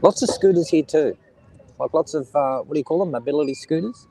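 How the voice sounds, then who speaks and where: A man's voice: fairly high pitch, brisk, gravelly, dark tone, low-quality recording. A middle-aged Australian man rambling and joking with his live stream chat, outdoors by the seaside. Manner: rambling, jokey, talks to chat viewers. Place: outdoors by the seaside, kids and seagulls around.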